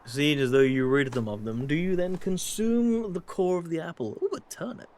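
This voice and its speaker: A man's voice: fairly high pitch, moderate pace, darkish tone. An English man casually commenting on his gameplay as a streamer, wry and playful, sometimes slipping into mock-posh phrasing. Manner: playful, wry, slips into put-on posh voices.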